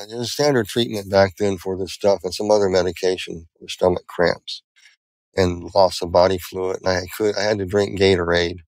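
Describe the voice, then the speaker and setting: A man's voice: deep voice, a little mellow, no room sound, rough recording. An older man giving an earnest, rambling personal testimony as an interview guest.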